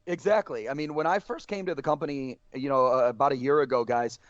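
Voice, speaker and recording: Talking fast in a mid-range voice, a man appearing as a podcast guest shares heartfelt stories and performs the dialogue he quotes, dropping "guys" again and again. The casual conversation is captured in dry, dull lo-fi sound with no echo.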